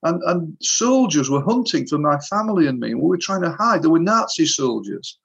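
A man putting on a frightened young man, pleading in a raised, strained voice with a gravelly edge. He sounds shaken and anxious, and the sound is slightly dull. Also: fairly high pitch, big pitch swings, moderate pace, voice pushed up, heavily acted. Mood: bewildered.

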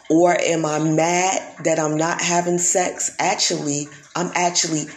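A woman's voice: sits low, vocal fry, slight background noise. A woman vlogger in a casual monologue, talking emphatically and preachily, often repeating herself. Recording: echoey room.

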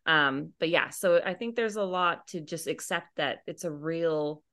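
A woman's voice: low voice, unhurried. A woman hosting a podcast, talking casually with many fillers and restarts and responding supportively to her co-host. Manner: warm, supportive listener, rambling with many fillers. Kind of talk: casual chat.

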